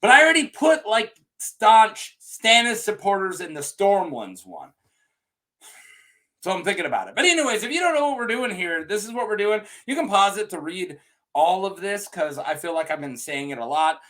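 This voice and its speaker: A man riffing straight to camera in one long, unedited rant, loose and joking as if chatting with a friend. His voice sits a little high and swings widely up and down. He talks freely and laughs his way through the restarts. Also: big pitch swings, moderate pace, a bit bright. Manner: rambling, jokey, improvised, with restarts and laughs. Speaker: video creator talking to viewers.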